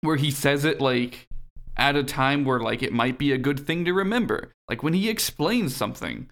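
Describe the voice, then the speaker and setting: Laid-back podcast dude, swears a lot, lots of ums, mid pitched voice. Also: male voice, expressive, normal speed, fairly bright tone. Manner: playful, swears, fillers like um. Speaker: podcast co-host. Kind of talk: casual chat.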